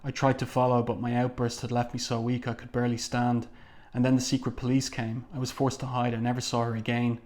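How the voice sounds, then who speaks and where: A man's voice: medium pitch, completely flat delivery, brisk, darkish tone, natural voice. A man reading aloud the lines of a grieving, vengeful middle-aged male mutant, with light emphasis and little acting.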